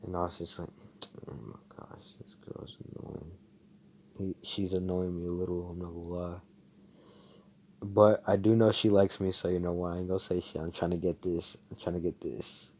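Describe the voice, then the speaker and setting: A man's voice: low-pitched, little pitch movement, fairly quick, warm tone, slight background noise. A young man casually retelling a fan story, rambling, swearing and correcting himself as he goes. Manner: rambling, profane, self-correcting.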